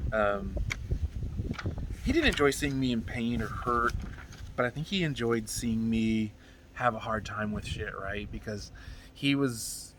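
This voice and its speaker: A man's voice: medium pitch, a little hiss or hum. A man in his forties telling a rambling, profane personal story in a casual monologue. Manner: rambling, profane, animated retelling. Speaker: comedian telling stories.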